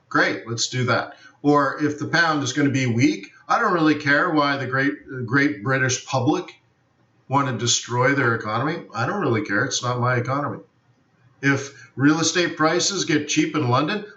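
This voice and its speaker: The audio is lo-fi, dull, distant, and roomy as a man with a medium-pitched, fairly bright voice runs a live forex trading stream. He rambles in loose conversation, saying "I don't know" again and again.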